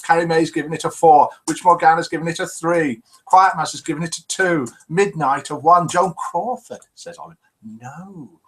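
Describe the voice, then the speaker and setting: A man's voice: on the high side, moderate pace, a bit bright. A man hosting a live chat show, reading out viewer comments and telling jokes in a chatty, teasing way.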